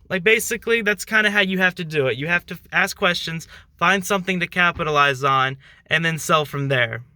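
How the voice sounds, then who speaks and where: Chatty young man, bright crisp voice. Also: on the high side, fairly quick, hardly any pauses, dry recording. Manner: loose and chatty, many fillers like "like" and "kinda". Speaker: channel host giving sales tips. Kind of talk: casual talk-to-camera tutorial.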